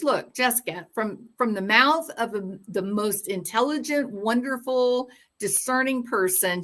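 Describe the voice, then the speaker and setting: A woman's voice: fairly high pitch, expressive, slow pace, sharp tone. A woman hosting a true-crime livestream, chatting casually and reading viewer comments with sarcastic, rambling asides.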